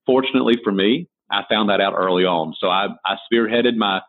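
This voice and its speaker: Man, Southern American accent, folksy storyteller, lowish pitch, thin phone-line sound. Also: brisk. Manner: folksy storyteller, frequent restarts. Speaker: interior designer and author. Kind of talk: interview answers.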